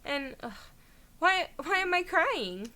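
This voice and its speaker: A woman's voice: extremely high pitch, very animated, slow pace, bright, forceful tone, voice pushed up, full character voice. A woman reading aloud the lines of an anxious, frightened teenage schoolgirl from a horror game. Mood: scared.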